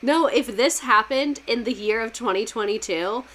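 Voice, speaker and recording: A woman's voice: fairly high pitch, moderate pace, fairly bright tone. A woman, a former teacher, gives a casual and sarcastic history lesson full of swearing and laughing asides.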